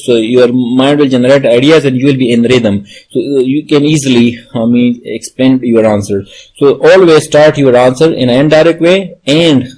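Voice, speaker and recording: A man's voice: mid-range voice, a little mellow, poor audio. A man explaining speaking-exam tips as a tutor, hesitant and full of "uh, means" fillers, restating each point. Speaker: IELTS tutor.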